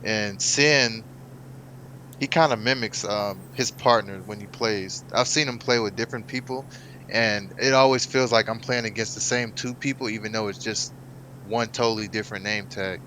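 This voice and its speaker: A man on a casual gaming podcast, laid-back and quick to laugh. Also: fairly low pitch, fairly even intonation, bright, forceful tone, slight background noise, poor audio. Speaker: podcast guest. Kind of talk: casual esports podcast chat.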